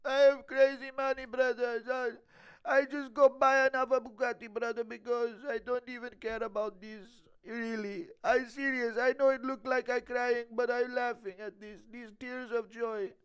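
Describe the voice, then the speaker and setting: Man doing a boastful rich fighter voice, broken English, high and raised, mock-cheerful, smooth tone. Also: level tone, poor audio. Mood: smug mocking. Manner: mock-cheerful, exaggerated, drawn-out.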